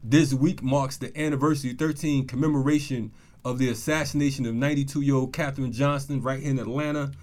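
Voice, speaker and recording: A man's voice: medium pitch, steady tone, fast, darkish tone. A man hosting a casual talk show, talking loose street slang and telling a story with heat. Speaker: podcast host. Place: Atlanta.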